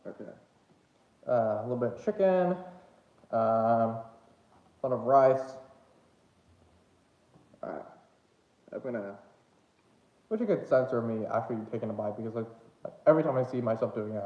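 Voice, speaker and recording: Casual livestreamer, male, lively up-and-down delivery, winded and hesitant, echoey lo-fi home room. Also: mid-range voice. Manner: rambling, hesitant, many fillers. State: out of breath. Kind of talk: casual eating livestream chat. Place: home room with dogs nearby. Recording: echoey room, dull lo-fi sound.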